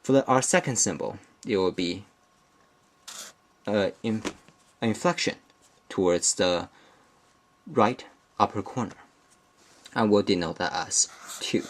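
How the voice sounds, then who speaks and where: A man narrates a beginner language lesson in a slow, unhurried voice that sits a little low. He explains each point methodically and often stops to restate or correct himself mid-phrase. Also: expressive, a little hiss or hum. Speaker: language teacher.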